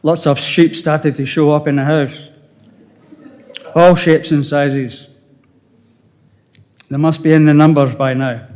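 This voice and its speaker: An older man with a Scottish accent, a widower giving a halting, emotional funeral eulogy with touches of dry humour. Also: a little high, fairly even intonation, darkish tone, in a large hall. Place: funeral service.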